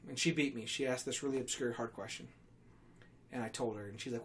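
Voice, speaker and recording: A man's voice: medium pitch, a little fast. A young man hosting a podcast, rambling through a story with crude teasing and frequent laughs. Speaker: podcast host. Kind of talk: casual storytelling banter.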